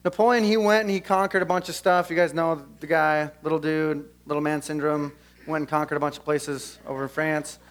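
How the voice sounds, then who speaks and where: A young man preaching earnestly at a church service, chatting casually with the congregation and then leading a prayer. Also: fairly high pitch. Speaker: pastor. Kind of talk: sermon and closing prayer. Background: soft guitar music.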